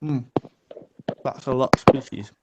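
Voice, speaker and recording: A man's voice: medium pitch, unhurried, noisy background. A man in casual commentary chat, asking skeptical questions. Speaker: co-host commenting on a video.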